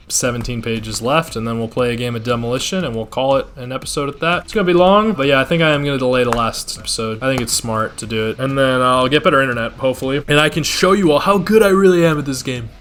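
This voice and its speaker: A man's voice: medium pitch, fairly bright tone. A man rambling casually as a gaming video creator, swearing when frustrated.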